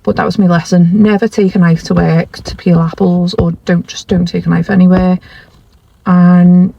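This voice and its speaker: A woman's voice: on the low side, little pitch movement, moderate pace, creaky, warm tone, breathy edge, lo-fi sound. A woman, telling a personal story to camera in a rambling, confessional way with frequent restarts. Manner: rambling, self-correcting, confessional. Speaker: vlogger.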